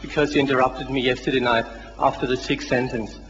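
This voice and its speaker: A man's voice: mid-range voice, little pitch movement, a little fast. Earnest man questioning from a lecture floor. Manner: polite, earnest, persistent. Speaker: audience member asking a question. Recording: dull old hall recording with reverb and hiss.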